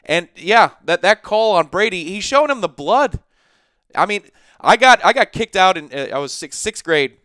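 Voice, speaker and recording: A man co-hosting a sports talk podcast, chatty and animated, spinning stories and asides. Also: sits high, moderate pace, no room sound, clean studio sound.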